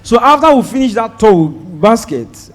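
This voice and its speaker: A Nigerian man performs stand-up, his voice sitting high and leaping all over the place as he tells the story. He acts out the people in it and breaks into shouts along the way. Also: measured pace, long reverb tail. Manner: animated, shouts and mimics voices while telling the story. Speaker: stand-up comedian.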